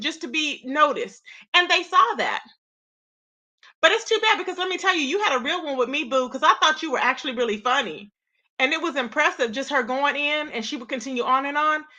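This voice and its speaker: Woman live-streamer, high and bright, sassy straight-talking host addressing chat. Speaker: livestream host. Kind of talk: casual live-stream commentary.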